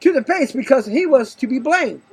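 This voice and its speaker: A man's voice: very high voice, animated, normal speed, husky, rough recording. A man hosting a show, mixing jokey commentary with Bible reading, playful and laughing often. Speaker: host.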